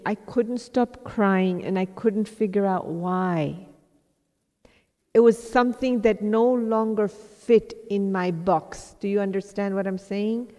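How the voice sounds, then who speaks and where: Her voice is warm and medium in pitch: an Indian spiritual teacher sharing a story from her own life before a live audience. Reflective and poking fun at herself, she drops in asides quoting what she was thinking, and the sound carries a long hall reverb.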